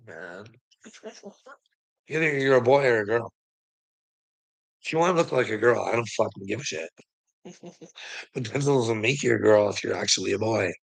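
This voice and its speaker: A middle-aged man talks to his livestream viewers in a loose, rambling monologue. His voice is gravelly and forceful, with lots of swearing and frequent laughter between thoughts. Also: on the low side, low-quality recording. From Canada. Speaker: livestreamer talking to chat.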